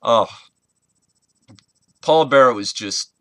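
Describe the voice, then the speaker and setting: A man in his twenties giving an earnest, halting spoken tribute in a casual vlog, often searching for words. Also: mid-range voice, pushed and bright, no echo. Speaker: wrestling fan vlogger.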